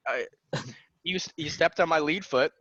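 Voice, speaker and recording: A young man tells a story with real energy, slipping into the voices of the people he quotes. His voice is bright and forceful and sits a little high. The sound is dry and slightly muffled. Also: normal speed, dry recording. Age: young adult. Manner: animated storytelling, acts out quotes. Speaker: guest. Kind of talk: casual podcast chat.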